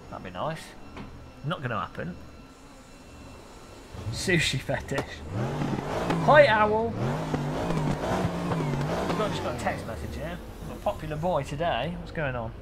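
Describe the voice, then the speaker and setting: A man's voice: on the high side, sing-song, normal speed, pauses often, a bit bright, slight background noise. A man streaming a racing game, chatting and joking with his viewers while he sets up a server. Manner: chatty, jokey, talks to chat while setting up. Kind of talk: casual live-stream chat.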